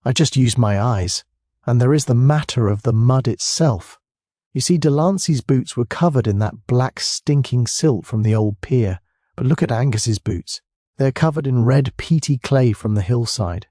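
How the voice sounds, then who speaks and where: A man doing a sly, drawling Highland policeman. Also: expressive, moderate pace, no echo, studio quality, lightly acted. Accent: Scottish Highland. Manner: soft, drawling, syrupy. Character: sly, mild-mannered Highland village policeman.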